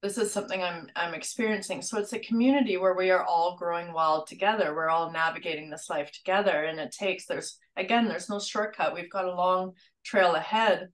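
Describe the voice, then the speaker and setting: A woman's voice: on the low side, fairly quick, hardly any pauses, low-quality recording. A woman speaking as a coach in a casual interview, with an earnest, inspirational manner and repeated words. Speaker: rewilding coach interviewed as guest.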